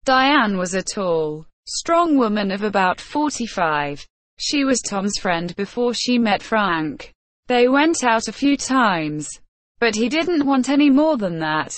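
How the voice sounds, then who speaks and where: A woman reading a story aloud as narrator, telling it slowly and evenly, with light voices for the characters. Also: on the high side, dry recording. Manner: slow, even storytelling with small character voices. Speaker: audiobook narrator. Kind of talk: scripted narration.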